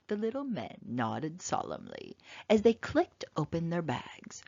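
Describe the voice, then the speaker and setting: A woman reading a children's picture book aloud with expressive, dramatic narration. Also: lowish voice, a little slow, creaky, dry recording. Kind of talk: storybook read-aloud narration. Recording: slightly dull, dry lo-fi sound.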